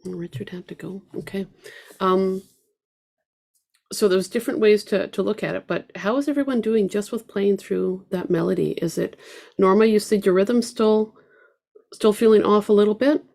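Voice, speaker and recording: A woman's voice: mid-range voice, normal speed, gravelly, a little mellow. A woman teaching an online ukulele class, counting beats aloud and chatting with her students. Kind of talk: online group music lesson. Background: ukulele playing.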